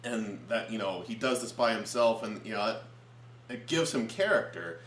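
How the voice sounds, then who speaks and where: A man's voice: fairly low pitch, expressive, normal speed, fairly bright tone. A man co-reviewing a film in casual chat at home, earnestly explaining his points at length. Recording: echoey room with faint hum.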